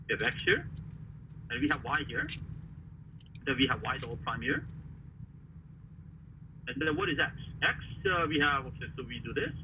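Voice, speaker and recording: A man teaching a math lesson, talking haltingly with many fillers and quizzing the class. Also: medium pitch, very animated, far from the mic. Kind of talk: classroom lecture at a board. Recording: faraway voice over a tinny, noisy line.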